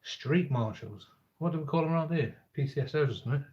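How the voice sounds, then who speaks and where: A man telling a camping story in a relaxed, cheeky live chat, laughing often and swearing casually. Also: on the high side, racing, muffled recording. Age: adult parent. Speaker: camping live-stream host. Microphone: live-stream setup.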